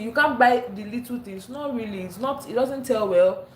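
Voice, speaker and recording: Speaking at a normal speed in a higher-than-average voice, a weary woman from Nigeria runs a relaxed livestream, calling out viewers by name and saying things more than once. There's slight background noise, and the echoey room carries faint ambience.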